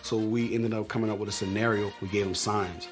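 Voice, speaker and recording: A man's voice: lowish voice, steady tone, fairly quick. A young man, a comedian telling his story in a laid-back, slangy way in a casual interview. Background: music.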